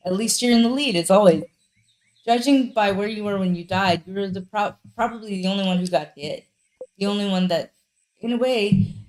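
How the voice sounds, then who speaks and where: A woman's voice: mid-range voice, darkish tone, rough recording. A woman playing a story game, reading its second-person narration aloud dramatically, with short asides of her own. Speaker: let's player.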